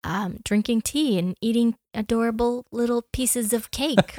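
A woman's voice: a little high, unhurried, darkish tone, no room sound, clean studio sound. A young woman co-hosting a podcast, chatting in an enthusiastic, playful way. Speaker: podcast co-host. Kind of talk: casual chat.

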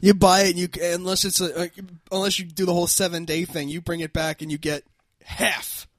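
A man's voice: sits high, level tone, fairly quick, no room sound. A man co-hosting a podcast in casual chat, laughing often and swearing freely. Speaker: podcast co-host.

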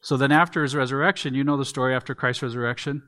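A man's voice: medium pitch, fairly even intonation, rapid-fire, sharp tone. Man preaching an expository sermon. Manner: expository, conversational teaching with restarts. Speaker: pastor.

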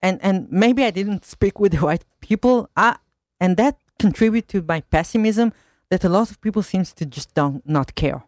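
A woman's voice: mid-range voice, normal speed, darkish tone, dry recording. A woman from Israel with an Israeli accent, a journalist being interviewed in a radio studio, often restarting and repeating words as she finds her thought. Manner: hesitant, repeats words when starting a thought. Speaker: guest journalist.

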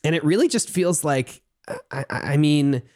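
A man's voice: fairly high pitch, lively intonation, normal speed, a little mellow. A man co-hosting a casual book discussion, rambling a little with restarts and acting out characters' lines. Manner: rambling, many restarts, acts out characters in quotes. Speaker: podcast co-host.

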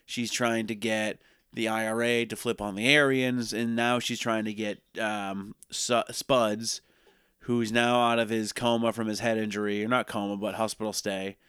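Smooth-voiced man recapping casually. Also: lowish voice, flat delivery, fairly bright tone, no room sound, studio quality. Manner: loose, profane recap, slipping into quick mock voices. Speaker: podcast co-host recapping a TV series. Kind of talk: casual chat.

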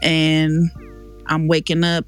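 A woman's voice: low voice, completely flat delivery, slow, clean tone, soft background music. A woman guest on a podcast, telling a painful personal story in a frank, emotional, slangy way with many restarts.

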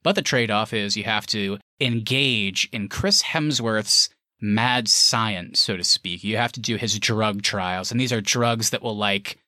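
A man's voice: on the low side, a little slow, few pauses, bright, forceful tone, no echo, studio quality. A man co-hosting a podcast, reviewing a movie in casual chat, talking freely with plenty of fillers. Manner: chatty, wordy, lots of fillers. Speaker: podcast co-host.

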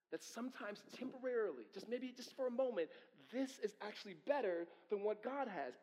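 Animated pastor preaching in a hall. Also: male voice, high voice. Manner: storytelling, animated swings from loud to hushed. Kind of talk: conversational sermon. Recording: reverberant hall, dull sound.

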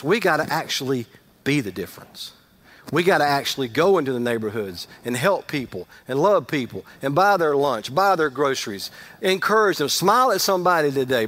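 A middle-aged male pastor giving a conversational sermon, rising to loud emphasis and dropping to quiet asides. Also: on the high side.

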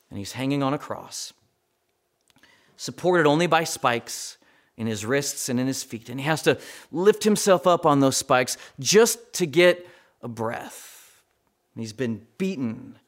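A man preaching a sermon with dramatic swings between loud emphasis and near-whispers, acting out quoted prayers. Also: on the high side. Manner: acts out quoted voices in prayers. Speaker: pastor.

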